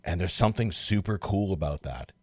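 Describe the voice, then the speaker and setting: Male livestream host, relaxed and chatty, low voice, dry close sound. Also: a little fast, slightly rough, no room sound. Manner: relaxed, chatty, many fillers. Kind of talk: casual livestream interview.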